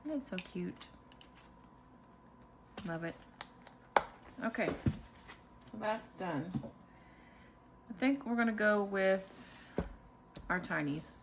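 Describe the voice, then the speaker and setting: A woman hosting a casual budgeting vlog, calmly narrating as she counts out cash and fills savings challenges. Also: mid-range voice, very noisy. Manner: calm, unhurried, counting money aloud. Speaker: budgeting channel host.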